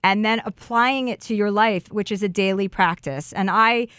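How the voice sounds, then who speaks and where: A woman's voice: mid-range voice, moderate pace, a bit bright, clear, resonant tone, no room sound. A woman on a podcast, sharing an earnest and heartfelt personal story in casual chat.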